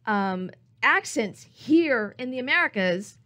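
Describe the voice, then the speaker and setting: A woman's voice: on the high side, expressive, slow pace, sharp tone. A woman who is an actress, chatting as a guest on a radio show, rambling and laughing often. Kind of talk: casual radio interview.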